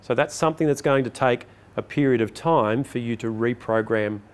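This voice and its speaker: A man's voice: medium pitch, normal speed, smooth. An older man, a public speaking coach, giving a chatty motivational talk to a live audience and asking it questions.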